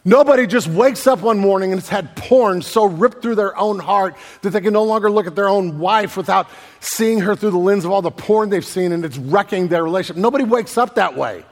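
A man preaching a sermon as pastor, casual and animated, using slang and acting out voices. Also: high-pitched, fairly quick, hardly any pauses, long reverb tail.

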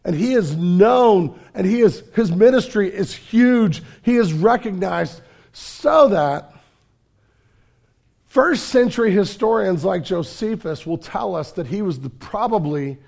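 A man's voice: sits high, expressive, unhurried, gravelly, darkish tone. A man preaching a sermon as pastor, telling the story in a casual, conversational way with fillers and repeated words.

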